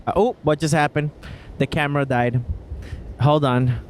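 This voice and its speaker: Giggly, expressive man telling stories. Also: a little high, moderate pace, a little hiss or hum. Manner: expressive, laughs often, calls listener baby. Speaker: singer-songwriter and podcast host. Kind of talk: casual storytelling monologue. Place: Los Angeles, indoors.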